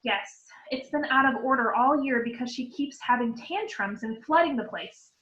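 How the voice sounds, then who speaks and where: A woman's voice: on the high side, fairly bright tone, roomy sound, close to an everyday voice. A woman voicing an earnest, anxious know-it-all schoolgirl in a storybook reading, slightly muffled recording. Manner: quick and anxious.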